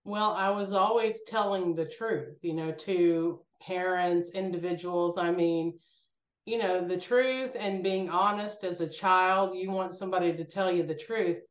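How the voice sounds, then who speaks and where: A woman sits for an interview and tells her stories with animated energy, slipping into the voices of the people she quotes. Her voice sits on the low side, and the room gives it a noticeable echo. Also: unhurried. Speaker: guest. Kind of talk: casual spiritual interview talk.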